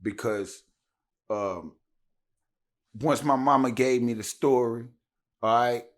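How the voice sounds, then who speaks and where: A man's voice: medium pitch, slow. A man, telling a story casually as a podcast guest and acting out the dialogue. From Tennessee. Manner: animated, acts out dialogue with raised voice.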